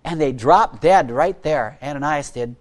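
A man preaching a sermon as pastor, earnest and pleading, firing off rhetorical questions and repeating words, sometimes dropping almost to a hush. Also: fairly high pitch, unhurried.

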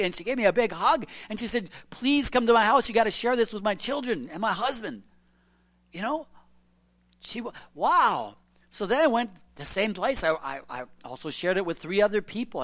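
A preacher giving an informal evening sermon, telling stories earnestly with soft chuckles and asking "isn't it?" and "you know" all the time. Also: mid-range voice. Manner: chatty, many tag questions and "you know".

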